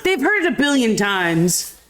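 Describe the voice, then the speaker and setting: Slow-talking, laughing woman co-host. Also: a little high, sing-song, fairly bright tone, slight background noise. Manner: laughs often, slangy and loose, says "bro". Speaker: podcast co-host. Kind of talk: casual chat about movies.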